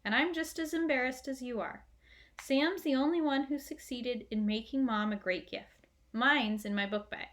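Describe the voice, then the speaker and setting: Storybook teen girl, frank and wry, bright raised voice, read by a woman. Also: high voice, normal speed, voice pushed up. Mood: eager.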